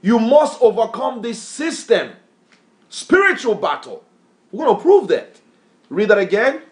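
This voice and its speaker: A man's voice: high-pitched, big pitch swings, unhurried. A man preaching a bible lesson, emphatic, repeatedly quizzing a reader with questions. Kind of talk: street-style bible teaching sermon.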